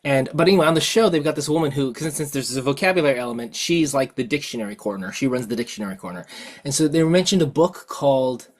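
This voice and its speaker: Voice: mid-range voice, expressive. Podcast cohost rambling through a story, lots of restarts and little laughs. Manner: chatty, laughs often, halting restarts. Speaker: podcast co-host. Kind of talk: casual conversation.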